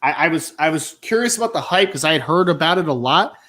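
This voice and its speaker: A man's voice: a little high, expressive, quick pace, bright, forceful tone. A man co-hosting a casual sports talk show, rambling and laid-back, leaning on "like" and "man.". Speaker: podcast co-host.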